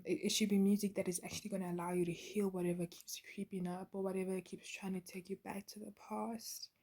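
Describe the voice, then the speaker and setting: A woman giving a channeled spiritual card reading in a soft, half-whispered, halting way, with many pauses. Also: medium pitch. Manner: soft, gentle, halting with fillers. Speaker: intuitive card reader.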